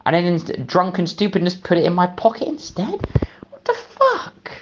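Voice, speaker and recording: A man's voice: high-pitched, huge pitch swings, moderate pace, noisy background. British man on a lo-fi voice memo. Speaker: listener sending a story.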